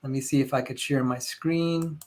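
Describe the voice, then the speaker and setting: A man's voice: mid-range voice, fairly even intonation, moderate pace, a little mellow. A man hosting a casual online chat, telling stories animatedly and quoting other people. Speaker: channel host.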